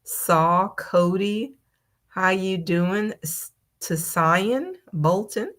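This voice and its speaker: Slow-talking woman hosting a live stream. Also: medium pitch, lively intonation, fairly bright tone. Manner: slow, drawn-out greetings, reading names one by one. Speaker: channel host.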